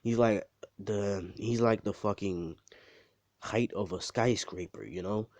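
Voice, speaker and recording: A man with a somewhat low voice spins a story in a loose, casual way, full of restarts, fillers and swearing. The recording is dry and close. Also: takes it slowly, a little mellow, dry recording. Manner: rambling, profane, lots of fillers and restarts. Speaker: video creator.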